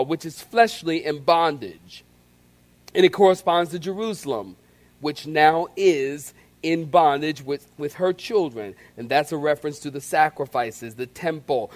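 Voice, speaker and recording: A male pastor delivering a sermon, acting out scenes and calling on the congregation to respond. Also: fairly high pitch. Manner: animated preaching, acts out scenes with call-and-response.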